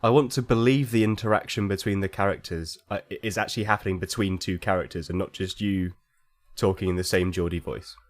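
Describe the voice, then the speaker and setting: Teasing low-voiced podcast man. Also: steady tone, a little fast. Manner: teasing, hesitant with fillers. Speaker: podcast co-host. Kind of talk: casual banter.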